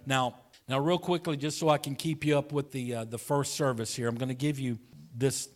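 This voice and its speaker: A male pastor preaches to his congregation, carrying a personal story in an earnest, conversational way. His pitch sits in the middle for a man, and he repeats himself as he builds a point. He sinks to a soft, hushed voice for the tender moments. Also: fairly even intonation, brisk. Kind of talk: sermon. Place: church sanctuary.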